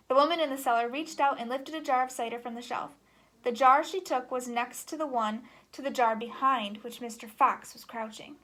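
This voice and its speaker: Woman, high voice, animated children's book reading, expressive. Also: a little fast. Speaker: storybook reader.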